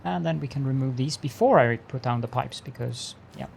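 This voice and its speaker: Brisk and a little mellow, with vocal fry in his mid-range voice, a man streams a factory-building game and chats with viewers. He greets them in a mock-formal, polite way and narrates each step playfully, with a little hiss or hum in the background.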